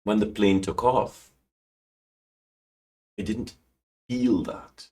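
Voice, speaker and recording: Podcast guest: a man with a very low voice, emotional and animated, trails off and restarts often. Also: very slow. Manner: animated, acts out quoted lines with big pitch jumps. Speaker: guest calligrapher. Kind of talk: personal storytelling in a podcast interview.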